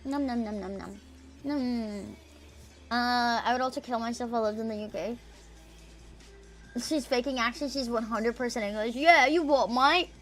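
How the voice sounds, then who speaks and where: Faint music plays behind a young American livestreamer at home near her neighbors, whose highish voice stays fairly even at a moderate pace with long pauses. Offhand and profane, she jokes around while reading viewer messages aloud.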